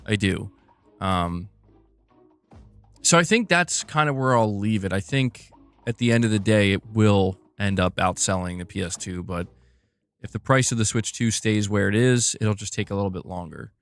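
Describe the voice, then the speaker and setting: A man's voice: on the low side, moderate pace, clean tone, soft background music. A man hosting a casual live stream about video game news, chatting loosely and reacting to his chat with frequent laughs.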